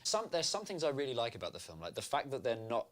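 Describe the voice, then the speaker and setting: A man, a guest on a casual film chat, telling animated stories with quick asides. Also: medium pitch.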